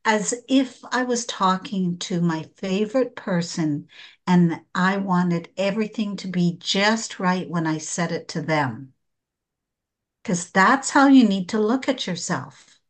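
A woman guest speaking slowly and earnestly about angelic healing, at times emotional. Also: mid-range voice. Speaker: guest practitioner. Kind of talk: spiritual podcast conversation.

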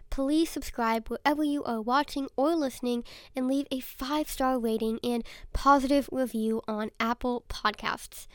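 A woman's voice: sits high, a little mellow, dry recording, studio quality. A woman hosting a solo podcast, talking to the listener in an earnest, encouraging way, her voice congested and nasal from a cold. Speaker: podcast host.

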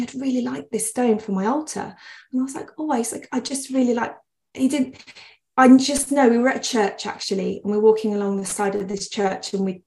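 A woman's voice: on the high side, darkish tone. Earnest rambling woman. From West Midlands, England. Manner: earnest, rambling with frequent laughs. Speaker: podcast guest. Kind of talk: conversational podcast interview.

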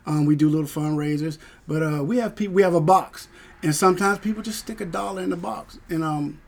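Guy in his 50s, kinda high voice, chatty storyteller on a podcast. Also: a little fast, gravelly. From Georgia, US. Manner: animated storyteller who acts out quoted voices. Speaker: veteran guest. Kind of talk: casual interview conversation.

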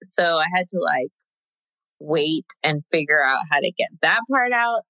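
A woman's voice: sits low, lively intonation, a little slow, pushed and bright, no room sound, low-quality recording. A young woman chatting casually as a guest, telling a personal story with lots of fillers and laughs. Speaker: guest sharing a birth story.

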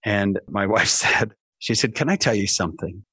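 A man telling stories as a podcast guest, acting out the people he quotes with lively jumps in his voice. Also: moderate pace, breathy edge, no echo. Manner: animated storyteller, acts out quoted voices with big pitch jumps. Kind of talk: casual storytelling.

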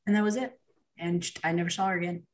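A woman guest recounts her story in an animated, chatty way, with plenty of fillers and reenacted dialogue. Her voice sits notably low for a woman. She sounds relaxed and unscripted. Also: quick pace. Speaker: podcast guest. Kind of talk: casual storytelling testimony.

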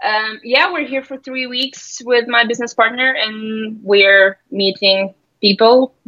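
A woman's voice: on the high side, fairly even intonation, unhurried, sharp tone, lo-fi sound. Woman, guest. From Russia. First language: Russian. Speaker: guest, graphic designer. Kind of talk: casual interview.

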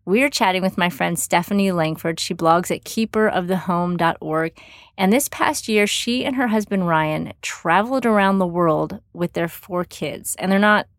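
A woman's voice: lowish voice, normal speed, no room sound, clean studio sound. A woman with a mild Texan accent hosting a podcast, chatting in an upbeat way with many fillers and restarts. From Texas, USA. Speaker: podcast host. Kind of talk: casual podcast interview.

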